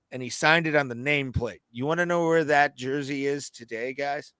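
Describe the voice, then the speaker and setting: A man in his thirties, a podcast co-host telling a long, animated, profane story in casual chat. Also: medium pitch, fairly quick, few pauses, smooth, no room sound.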